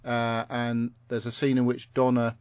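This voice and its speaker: A man's voice: medium pitch, completely flat delivery, a little slow, darkish tone, clean tone, no echo. A man hosting a podcast at home, recapping an episode in a rambling, jokey way with lots of fillers. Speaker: podcast host. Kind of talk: casual chat recapping an episode. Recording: dull lo-fi dry sound.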